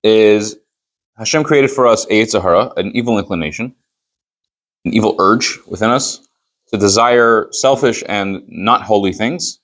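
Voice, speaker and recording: A man's voice: on the low side, normal speed, a bit bright. Man teaching a rabbinic text. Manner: reads Hebrew text, then explains it in English with emphatic rhetorical questions. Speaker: rabbi teaching a Chassidus class. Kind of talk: Torah study class, reading and translating a text.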